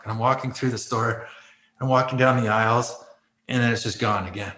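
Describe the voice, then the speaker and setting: A man's voice: mid-range voice, a little fast, roomy sound, rough recording. A man in his forties, a former athlete turned life coach, telling candid personal stories in conversation, laughing often and acting out what people said. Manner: animated, laughs often, acts out quoted exchanges.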